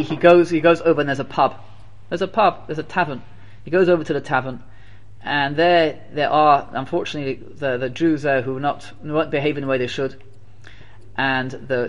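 A man with a high-pitched voice delivers a storytelling sermon. He speaks with emphatic energy and keeps repeating key phrases for effect. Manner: animated, repetitive, emphatic. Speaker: religious teacher.

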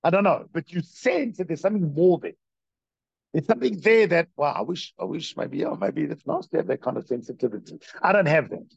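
A man's voice: fairly high pitch, expressive, brisk, gravelly, breathy edge, no echo. A man giving a conversational religious lecture, telling stories and putting questions straight to his listeners. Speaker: teacher of a Jewish religious class. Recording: dry, dull lo-fi recording.

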